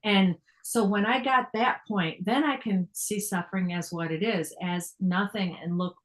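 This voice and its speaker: A woman's voice: mid-range voice, measured pace, low-quality recording. This is an older woman sharing thoughts on a spiritual text in a reflective talk. She reads passages aloud and explains them earnestly. She laughs easily and often starts a phrase over.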